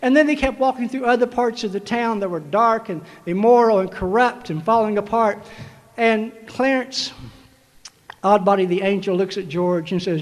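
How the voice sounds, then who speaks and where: High-voiced preacher in a reverberant hall. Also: male voice, normal speed. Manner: emphatic, repetitive exhortation. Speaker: commencement preacher. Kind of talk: sermon.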